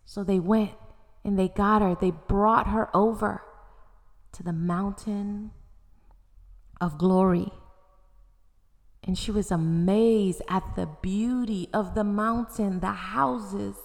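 A woman narrating a story in a slow, dramatic way, often dropping to a whisper. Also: mid-range voice, fairly even intonation, gravelly. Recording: long hall reverb.

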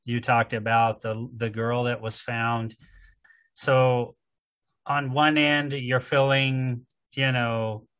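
Man, interviewer, reflective, bright tense tone. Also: medium pitch. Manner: reflective, sums up the guest's experiences. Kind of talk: interview questions.

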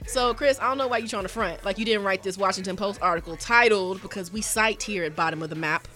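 A woman's voice: mid-range voice, sharp tone, soft background music. A woman co-hosting a podcast, chatting casually with teasing asides. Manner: teasing, conversational, quick asides. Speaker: podcast co-host. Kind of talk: casual music discussion.

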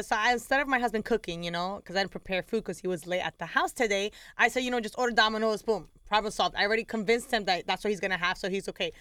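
A woman's voice: medium pitch, quick pace, few pauses, no room sound. A woman co-hosting a podcast, chatting casually as a mother and acting out quoted family voices as she tells stories. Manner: lively storyteller who acts out quoted voices. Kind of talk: casual chat.

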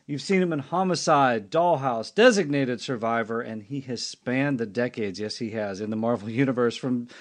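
An eager man hosts a podcast, moving from a read intro to excited fan questions. His voice sits mid-range and plain. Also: mid-range voice, moderate pace, hardly any pauses. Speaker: podcast host. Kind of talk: scripted intro and casual interview.

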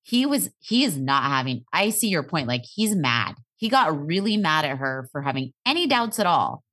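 A woman co-hosting a podcast in casual chat, animated and acting out lines in voices as she recaps a TV show. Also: deep voice, moderate pace, breathy edge. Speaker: podcast co-host.

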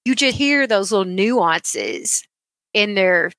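A woman's voice: mid-range voice, expressive, takes it slowly, a bit bright, no echo. A woman from Arkansas, co-hosting a podcast and chatting casually. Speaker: podcast co-host.

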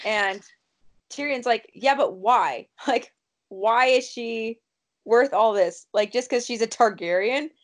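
A woman's voice: fairly high pitch, takes it slowly. A woman in casual chat, recapping a TV episode and acting out the characters' lines with lots of laughter. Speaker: podcast co-host recapping a TV episode.

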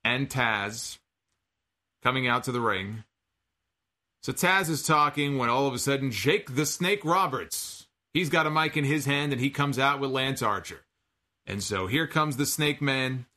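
A man's voice: mid-range voice, a little slow, sharp tone. A man hosting a wrestling podcast, giving a chatty, wry recap and reading out listener donation messages. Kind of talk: casual solo show recap.

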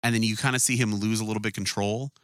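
A man's voice: on the low side, fairly even intonation, fast talker, dry recording, clean studio sound. A man co-hosting a casual podcast chat, loose and profane, who keeps slipping into mocking voices to act out scenes. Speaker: podcast co-host.

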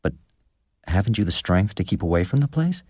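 A man's voice: low-pitched, big pitch swings, brisk, a little mellow, breathy edge, no room sound, clean studio sound, exaggerated voice. A man voicing a nervous, thin-voiced village deacon who asks careful, probing questions, read as an audiobook character.

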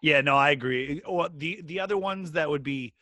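A man's voice: on the high side, normal speed, bright, forceful tone, dry recording. A man co-hosting a casual chat, rambling with restarts and hesitations. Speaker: podcast co-host.

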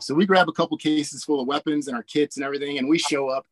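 A man in his forties from Indiana, an army pilot, telling stories in a relaxed, chatty way full of fillers and frequent laughs. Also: on the high side, fast talker, few pauses, no echo. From Indiana, USA. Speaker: guest, army warrant officer pilot. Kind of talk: casual storytelling interview.

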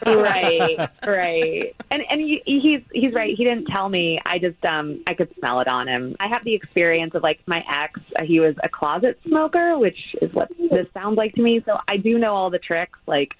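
A young woman chats on a call with a bubbly, giggly lilt, her pitch bouncing freely. The sound is tinny and phone-like, bone dry with no room around it. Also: animated, normal speed, hardly any pauses, dry recording. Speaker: caller on a radio dating segment. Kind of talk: casual phone chat.

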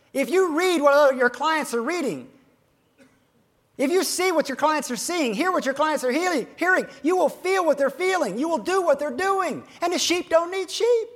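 Here a man with a very high, animated voice addresses financial advisors in a motivational keynote. Loud emphasis gives way to hushed near-whispers, and he slows his pace whenever he wants a key phrase to land.

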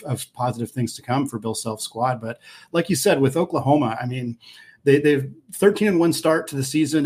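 A man talks through the game results in a loose, conversational way, often restarting a thought mid-sentence. His voice is husky and slightly rough, at an ordinary pitch for a man. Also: a little mellow. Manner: conversational, thinks aloud with restarts. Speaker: podcast co-host. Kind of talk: casual sports analysis chat.

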